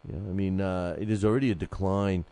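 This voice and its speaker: Low, mellow-voiced man rambling on boxing. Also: fairly even intonation, quick pace, clean tone, no room sound. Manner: rambling, many fillers and restarts; reads listener emails aloud. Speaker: boxing podcast host. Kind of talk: casual solo commentary.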